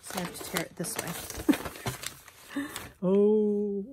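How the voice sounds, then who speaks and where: Slow, chatty woman crafting at home. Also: medium pitch, steady tone, noisy background. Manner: chatty, rambling, self-mocking with frequent laughs. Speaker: journaling crafter. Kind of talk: casual crafting vlog chat.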